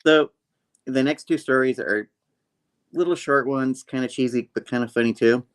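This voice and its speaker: A man's voice: medium pitch, moderate pace, clean tone. A man co-hosting a casual comic book review, retelling the story animatedly and laughing often. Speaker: co-host.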